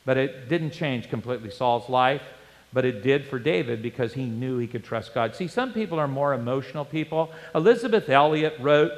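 A male pastor preaching a sermon, animated and storytelling, with rhetorical questions to the congregation. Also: mid-range voice, moderate pace. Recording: long hall reverb.

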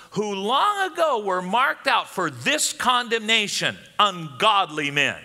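A man's voice: high-pitched, pushed and bright. A man preaching a sermon as pastor, emphatic and rising for questions. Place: church. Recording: long hall reverb.

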